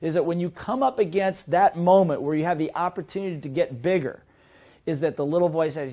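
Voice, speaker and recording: A middle-aged man teaching a seminar as a business trainer, in a lively way that keeps asking the audience questions. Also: a little high, fairly quick. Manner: lively, asks the audience many rhetorical questions.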